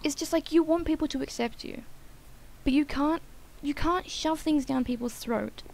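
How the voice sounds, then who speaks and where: Gravelly, blunt young woman chatting. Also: sits high, normal speed, a little mellow, rough recording. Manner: chatty and rambling, frequent "like" and "um"; blunt and opinionated. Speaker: gaming channel co-host. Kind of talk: casual chat while gaming.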